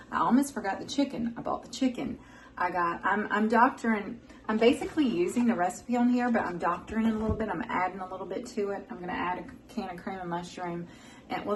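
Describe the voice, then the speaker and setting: A woman's voice: medium pitch, a little hiss or hum, rough recording. Folksy woman rambling in her kitchen. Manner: folksy and rambling, drifts into soft emotional murmurs. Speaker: cooking channel host. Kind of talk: chatty cooking vlog. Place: home kitchen.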